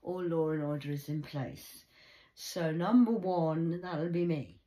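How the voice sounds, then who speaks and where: A woman's voice: slow pace, warm tone. A woman giving a rambling, scolding spiritual card reading, with theatrical swings of voice. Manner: scolding, theatrical, sudden pitch jumps.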